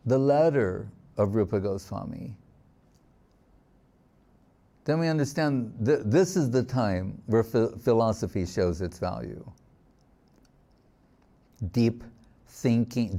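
A man giving a spiritual sermon, telling stories in a reflective, unhurried way and reciting verses. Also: mid-range voice, mellow. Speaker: swami giving a spiritual talk.

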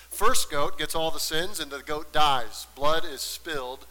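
A man preaching a sermon. He moves between hushed, quiet passages and loud, emphatic ones, and slows down to stress key words. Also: on the high side. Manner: slows down and stresses words when building to a point. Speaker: pastor. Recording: long hall reverb.

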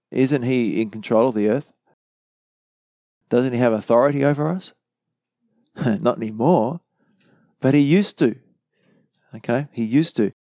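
A man's voice: mid-range voice, darkish tone, no echo. A man giving a conversational bible study sermon, explaining verse by verse with casual asides. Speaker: bible teacher.

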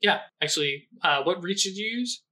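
A man leads a tabletop game as its game master. His voice is bright and a touch high. He explains the rules in halting bursts, full of ums and restarts. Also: lively intonation. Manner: hesitant, many fillers, rules explanations.

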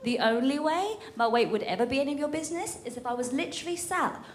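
Loud brassy woman doing standup, high voice, live club noise behind. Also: expressive, quick pace. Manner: brash, punchy, swears freely. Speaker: stand-up comedian. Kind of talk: stand-up routine. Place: comedy club stage with audience. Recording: live stage recording with audience noise.

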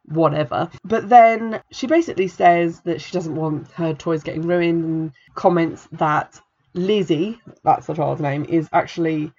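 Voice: medium pitch, measured pace, darkish tone, muffled recording. Chatty book reviewer, exasperated. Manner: chatty and exasperated, with frequent fillers. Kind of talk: casual spoken book review.

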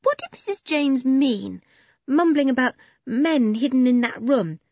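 A woman reading aloud, voicing a timid, gentle young girl who wonders aloud. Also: sits high, expressive, unhurried, no room sound, lo-fi sound, pitched above the performer's own voice, full character voice. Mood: wondering. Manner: wondering, questioning.

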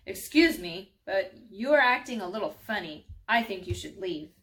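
A calm male priest speaks in a measured, gentle way in a children's storybook reading, read by a woman in near her own voice. He sounds steady and kind. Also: mid-range voice, natural voice.

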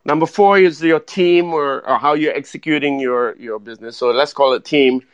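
A man giving animated speaking advice as a guest in a podcast interview, full of "right?" tag questions. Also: a little high, normal speed, dry recording. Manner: energetic, keeps asking "right?" and tacking on "though". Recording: dull lo-fi dry sound.

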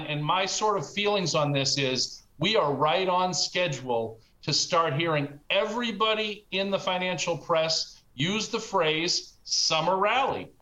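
Male commentator, crisp forceful tone, confident and emphatic. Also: sits high, poor audio. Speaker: market commentator. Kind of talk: financial news panel discussion.

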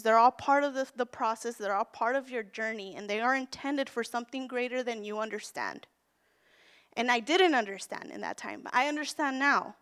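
A woman minister preaching a sermon, counting off numbered points and then candidly telling a personal story with gentle self-deprecation. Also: a little high, smooth. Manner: earnest, counts off numbered points, quotes scripture.

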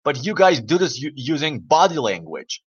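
A man's voice: a little high, very animated, moderate pace, slightly rough, highs cut off. A man hosting a livestream, chatting casually and rambling with teasing questions for his viewers. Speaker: livestream host. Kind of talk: casual chat to live viewers.

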